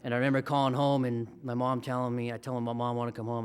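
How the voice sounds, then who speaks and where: A man's voice: mid-range voice, monotone, fast talker, clear, resonant tone, long reverb tail. Man giving an emotional acceptance speech. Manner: heartfelt, emotional thanks. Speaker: hall of fame inductee.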